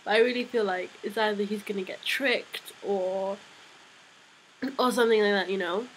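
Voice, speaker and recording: A young woman talks through a comic chapter in a casual fan vlog, rambling and excitable with lots of fillers. She sounds a little unwell, her voice slightly off, and her pitch sits in an ordinary middle range. A faint hiss of noise runs under her voice. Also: normal speed, rough recording. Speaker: manga reviewer.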